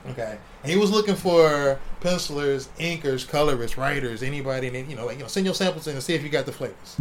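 A man from Ohio in his forties, a comic artist telling stories in a casual interview, animated and swearing freely. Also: on the high side, fast, slight background noise. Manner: animated, swears, acts out quotes.

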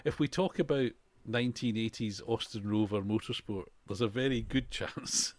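A man's voice: lowish voice, normal speed, darkish tone, no room sound. A man co-hosting a casual podcast chat, rambling and laughing often. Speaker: podcast co-host. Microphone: headphones and desk mic.

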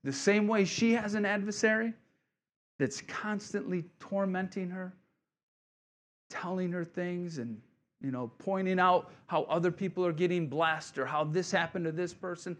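A man's voice: high-pitched, fairly even intonation, moderate pace. A male pastor giving a conversational, encouraging sermon, often asking the congregation "right?" and repeating key phrases.

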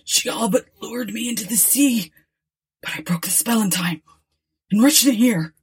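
A woman voicing a terrified, haunted male ship passenger who moans, stammers and whispers, with a husky voice. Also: a little high, moderate pace, voice pushed up.

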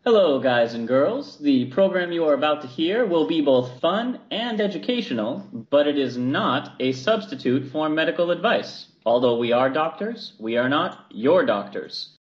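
A man's voice: fairly high pitch, expressive, normal speed, hardly any pauses, dull audio. A man hosting a medical podcast as a doctor, teasing his co-host in casual banter. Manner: teasing, playful ribbing.

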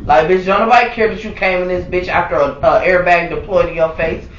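Podcast co-host, man, high voice, profane animated ranter, echoey room, off-mic and dull. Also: brisk, far from the mic. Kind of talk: casual chat. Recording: echoey, dull, from off-mic with faint background noise.

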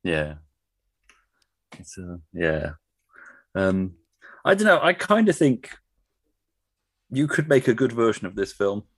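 A man's voice: on the low side, big pitch swings, slow pace, long pauses, a bit bright, breathy edge, no echo. A man co-hosting a film podcast, laid-back and hesitant. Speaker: podcast co-host. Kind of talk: casual film podcast chat.

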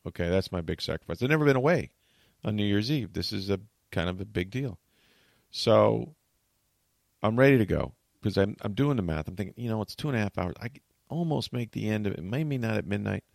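A man hosting a talk show, telling a long story in animated, chatty fashion and acting out what people said. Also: fairly low pitch, brisk, creaky, dry recording, clean studio sound. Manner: tells long stories, acts out quotes.

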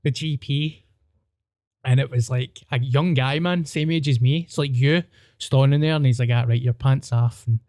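A Scottish man hosting a podcast banters casually, laughing often while telling crude stories with animation. He speaks at medium pitch and moderate speed, in studio-quality audio without echo.

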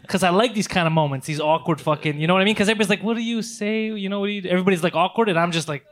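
A man's voice: sits high, very fast. A man co-hosting a podcast, telling a profane story in casual chat and acting out the quotes. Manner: animated, profane, acts out quotes. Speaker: podcast co-host.

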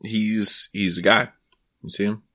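Bright-toned deadpan podcast co-host man. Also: lowish voice, a little slow, dry recording, studio quality. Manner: deadpan, crude jokes. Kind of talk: casual comedic banter.

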